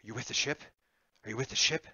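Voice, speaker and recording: A hunted, bloodied human survivor, as a game master puts him on, hissing his words in a hoarse, urgent whisper. The voice is bright and clean but close and dry, with a dull, lo-fi edge to the sound. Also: fairly high pitch, unhurried, no room sound, pitched above the performer's own voice. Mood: hushed urgent. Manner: nervous, hushed, pleading. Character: harried, bloodied male human survivor hiding out.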